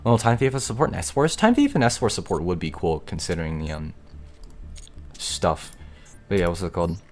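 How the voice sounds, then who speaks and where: A young male streamer with a lowish voice chats through his game, excitable one moment and grumbling the next, with casual swearing thrown in. Faint music plays underneath him. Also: moderate pace. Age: young adult. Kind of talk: live gaming stream chatter.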